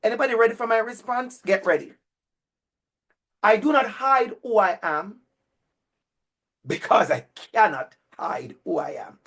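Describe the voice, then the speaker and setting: Man with a Jamaican accent, lecturer, emphatic and repetitive, voice sits fairly high. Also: expressive, unhurried, pauses often, fairly bright tone. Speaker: university lecturer. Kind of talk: lecture to a teacher cohort.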